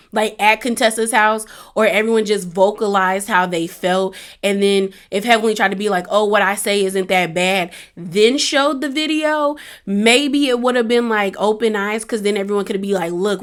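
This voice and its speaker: A woman hosting a casual review of a reality show episode, chatty and laughing often as she acts out what the cast said. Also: medium pitch. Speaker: reality TV recap host.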